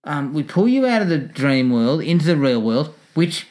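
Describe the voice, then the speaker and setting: A man's voice: fairly high pitch, sing-song, moderate pace, darkish tone. A man making dry, wry complaints about a film in casual chat.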